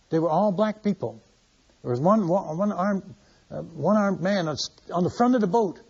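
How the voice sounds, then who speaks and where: A man's voice: high voice, expressive, moderate pace, gravelly, darkish tone, slightly rough. An older man, a missionary preacher, telling a story in a sermon. He speaks animatedly, repeats words and acts out the dialogue. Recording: muffled lo-fi recording.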